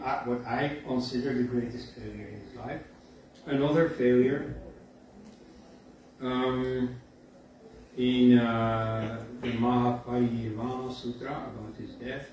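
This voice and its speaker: A man giving a university lecture in a storytelling way, often pausing with fillers and asides like "you see.". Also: medium pitch, a little mellow. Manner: conversational, frequent "you see" and filler pauses. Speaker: guest lecturer. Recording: echoey hall from far off, faint background noise.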